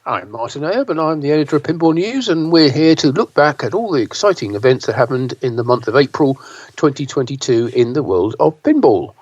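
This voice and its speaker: A man's voice: mid-range voice, big pitch swings, a little fast, darkish tone, dry recording. A man co-hosting a casual podcast, wry and dry, often repeating his words. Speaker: podcast co-host, news site editor. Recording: dull dry recording.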